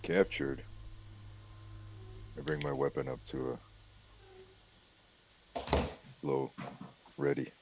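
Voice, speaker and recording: Extremely deep, flat-voiced male player. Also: slow pace, pauses often, slight background noise. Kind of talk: tabletop role-play.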